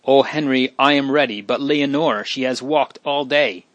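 A man's voice: mid-range voice, normal speed, a bit bright, dry recording, highs cut off, lightly acted. A man voicing an anxious young woman. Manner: pleading, anxious. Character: young woman traveler, frightened but composed.

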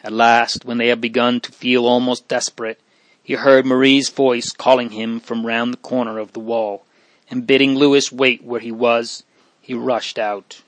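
A man reading a story aloud in a slow, measured, hushed and solemn manner. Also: medium pitch, level tone, dry recording. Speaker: narrator. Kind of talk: audiobook reading.

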